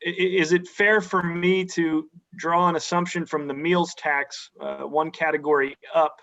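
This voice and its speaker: A man on a county board asking careful, measured questions in a public meeting, often restarting his sentences. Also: a little high, level tone, a bit bright. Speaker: county supervisor. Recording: dull lo-fi meeting audio.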